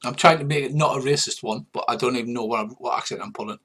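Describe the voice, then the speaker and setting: Husky older man narrating a tabletop game. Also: mid-range voice, rapid-fire, a bit bright. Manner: rambling, wry narration with fillers. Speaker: game master.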